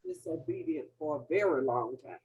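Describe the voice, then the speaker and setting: A woman's voice: low voice, huge pitch swings, normal speed, a little mellow, recorded from a distance, muffled recording. A woman in a church Bible study discussion, explaining in an earnest, matter-of-fact way.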